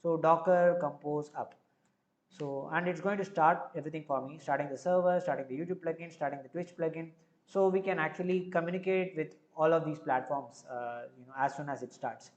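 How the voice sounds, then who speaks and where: An Indian-accented man hosts a live coding stream, talking through every step as he works. His voice sits on the high side, and he fills gaps with lots of filler words.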